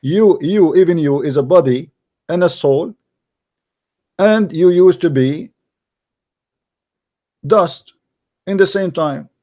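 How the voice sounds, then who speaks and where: A man hosting a debate, pressing with rapid repeated questions. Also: a little high, warm tone. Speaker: debate host. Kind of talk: live call-in debate.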